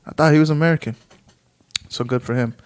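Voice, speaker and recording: A man's voice: a little high, quick pace. A man reading an article aloud and chatting casually about it, rambling and swearing as he reacts. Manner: rambling, profane, reads aloud then reacts.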